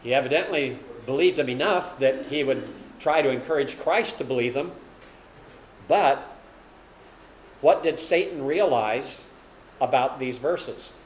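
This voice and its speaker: A medium-pitched preacher leads a small Bible study at a measured pace, stating each point plainly and raising his voice to emphasize quoted scripture. The poor recording has an echoey room and slight background noise.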